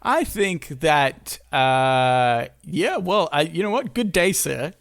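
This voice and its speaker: A man's voice: on the high side, expressive, gravelly, fairly bright tone. A man with an Australian accent, co-hosting a casual podcast chat over a remote recording, joking and laughing often. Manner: giggly, quick to laugh, joking. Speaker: podcast co-host.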